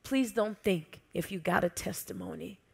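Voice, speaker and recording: Pastor woman preaching with gravelly edge. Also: mid-range voice, normal speed. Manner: expressive storytelling, acting out quotes, dropping to whispers. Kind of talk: sermon.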